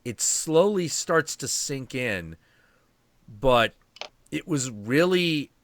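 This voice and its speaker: A man hosting a stream, telling a story in a casual, animated, profane and rambling way. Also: mid-range voice, extremely slow, no echo.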